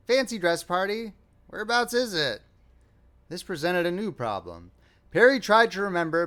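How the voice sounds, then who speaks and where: A man narrating a classic short story as an audiobook reader, with a wry, expressive delivery. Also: a little high. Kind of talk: scripted narration.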